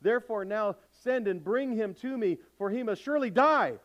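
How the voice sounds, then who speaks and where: A man preaching who voices a furious, jealous old king, his reading rising into shouting. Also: high voice, lively intonation, moderate pace, highs cut off, pitched above the performer's own voice.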